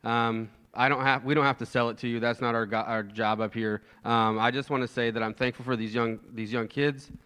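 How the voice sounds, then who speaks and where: A youth leader wraps up with brief church remarks, teary and full of ums. His voice is bright and crisp. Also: mid-range voice, steady tone, a little fast, few pauses. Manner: moved, tearing up, filler ums.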